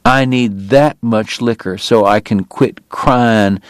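A man's voice: fairly low pitch, slow pace, no echo, clean studio sound. A man voicing a bitter, ailing frontier dentist who speaks in a formal, biting and strained way. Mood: pained. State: sick, coughing.

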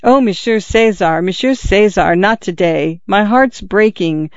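A woman's voice: medium pitch, unhurried, no room sound, lightly acted. A man voicing a grieving young housekeeper who pleads tearfully and emotionally, in a dull lo-fi recording. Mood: pleading.

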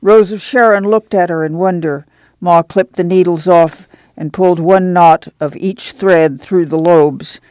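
A woman narrating an audiobook in a measured, even storytelling manner. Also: lowish voice, no echo.

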